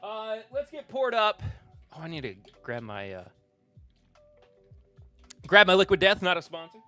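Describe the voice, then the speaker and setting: A man's voice: sits high, wildly swooping pitch, measured pace, sharp tone, faint music behind. A man in his thirties from the Southern United States, hosting a casual livestream podcast and rambling with lots of fillers and restarts. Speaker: podcast host.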